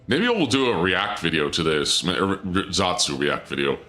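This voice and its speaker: Low-voiced man rambling over game music. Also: very animated, normal speed, sharp tone. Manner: rambling, trails off and restarts mid-sentence. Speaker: streamer. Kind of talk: casual gameplay commentary to chat. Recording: music playing behind the voice.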